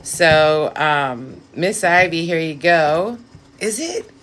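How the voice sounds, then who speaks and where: A woman with a raspy voice hosting a casual live stream, effusive and profane, giving blunt direct advice to viewers. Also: low voice, lively intonation, slow, a bit bright, a little hiss or hum.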